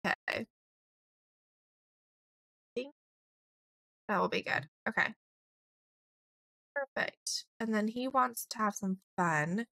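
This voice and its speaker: Young female let's-play host, slightly hoarse, chatty and rambling, mid pitch. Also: lively intonation, takes it slowly, long pauses, sharp tone, no room sound, clean studio sound. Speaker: gaming YouTuber.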